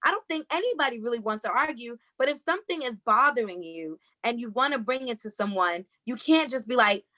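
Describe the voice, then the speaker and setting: A woman's voice: on the high side, lively intonation, brisk, bright, forceful tone, dry recording. A woman co-hosting a casual film-review chat over a video call, earnestly explaining her view with repeated starts. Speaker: podcast co-host reviewing a film. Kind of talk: casual group discussion.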